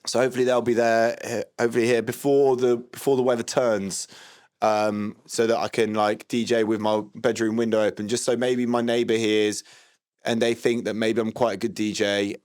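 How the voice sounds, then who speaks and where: A man hosting a livestream, rambling in a deadpan way with lots of ums and restarts. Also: mid-range voice, normal speed. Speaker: livestream host doing a comedy DJ character. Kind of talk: deadpan improvised livestream comedy.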